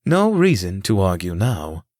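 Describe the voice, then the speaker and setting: A man voicing a calm, robotic-sounding contender in a fantasy audiobook. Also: sits low, measured pace, dry recording, clean studio sound, full character voice.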